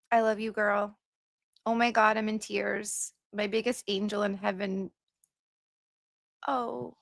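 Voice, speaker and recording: Slow-talking, gushing woman livestreamer. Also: mid-range voice, little pitch movement, vocal fry, no room sound, studio quality. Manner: gushing and chatty, sings little filler tunes. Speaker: livestream host. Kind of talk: casual livestream chat reading comments.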